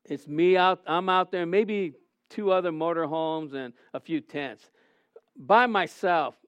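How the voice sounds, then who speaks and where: A middle-aged man delivers a sermon as a pastor in a high, smooth voice. He swings between hushed and loud passages and restarts his sentences often. The recording is dry and slightly dull. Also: measured pace, dry recording. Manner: earnest, swings from soft to loud, many restarts.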